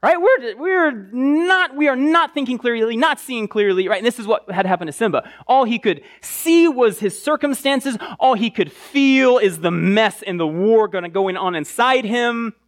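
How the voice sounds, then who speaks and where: Animated chatty male preacher. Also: high-pitched, normal speed, hardly any pauses. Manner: conversational, often asks the crowd "right?"; animated, with frequent restarts. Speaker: pastor. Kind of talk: sermon.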